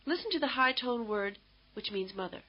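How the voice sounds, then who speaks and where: Woman, course narrator, scripted and measured, somewhat high voice, muffled old tape sound. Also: lively intonation. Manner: measured, explanatory. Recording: dull lo-fi tape audio.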